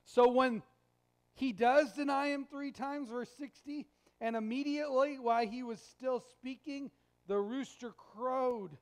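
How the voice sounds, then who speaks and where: A male pastor giving a sermon in a conversational, animated storytelling way with jokes. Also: extremely high pitch, a little slow. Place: church sanctuary.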